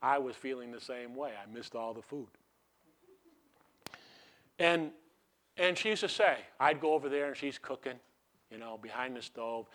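A middle-aged man preaching a sermon as a pastor. He asks the congregation questions and lets them answer, and he swings between loud emphatic bursts and quiet asides. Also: mid-range voice, moderate pace, pauses often. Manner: call-and-response questions to the congregation.

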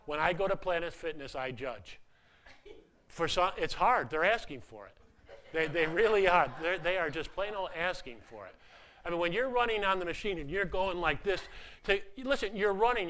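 This sermon comes from a pastor whose high, sharp voice is animated and fairly quick. He talks to the congregation conversationally, restarting sentences often and joking at his own expense.

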